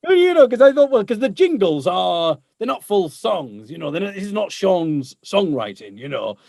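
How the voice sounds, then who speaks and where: A man's voice: high-pitched, big pitch swings, normal speed, gravelly, a little mellow, dry recording, studio quality. A man, a guest musician chatting casually and laughing often at himself. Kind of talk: casual chat.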